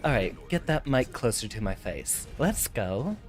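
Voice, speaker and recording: Male streamer, live game commentary, bouncy pitch, faint game music underneath. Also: very animated, unhurried. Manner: chatty, thinks aloud, breaks into laughs. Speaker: VTuber streamer.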